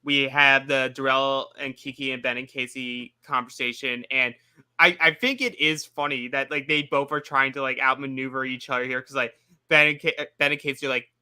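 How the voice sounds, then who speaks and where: A man's voice: medium pitch, steady tone, moderate pace, sharp tone, clear, resonant tone. A man co-hosting a casual recap show, rambling with lots of filler words. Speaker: after-show co-host.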